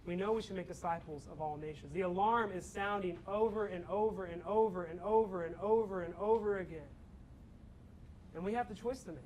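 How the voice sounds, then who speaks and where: Animated young man telling a story to students. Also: high-pitched, a little fast, slight background noise, poor audio. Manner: animated storyteller, acts out his own shouting. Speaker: campus ministry speaker. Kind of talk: storytelling talk to a student audience.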